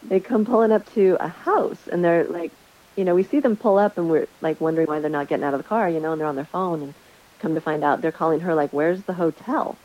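Lively woman telling a host story. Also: low voice, quick pace, muffled recording. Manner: animated storyteller, acts out quotes. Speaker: Airbnb host sharing stories. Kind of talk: casual chat.

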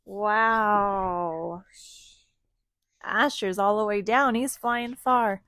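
A woman's voice: mid-range voice, fairly even intonation, very slow, long pauses, a bit bright, dry recording. A woman reading a storybook aloud to her children, stopping often to ask them questions. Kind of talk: interactive read-aloud to children.

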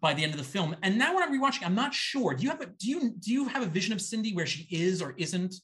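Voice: medium pitch, very animated, fast, a bit bright. A podcast host asking rambling, restarting questions in a casual interview.

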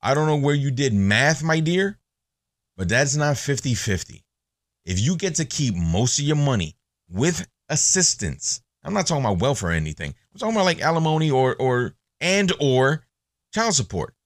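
A man's voice: mid-range voice, moderate pace, no room sound, clean studio sound. A man hosting a podcast, talking in a blunt, profane, casual monologue. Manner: blunt, profane, animated storytelling. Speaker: podcast host.

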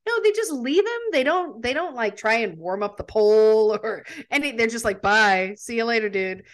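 A woman co-hosting a casual movie discussion podcast, animated and laughing often. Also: fairly high pitch, normal speed. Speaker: podcast co-host.

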